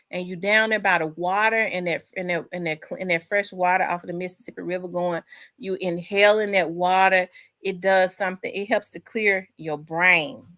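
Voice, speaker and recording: Chatty woman, low-pitched. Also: pushed and bright. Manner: chatty, rambling, addresses viewers as y'all. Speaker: host. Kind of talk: casual chat with live viewers.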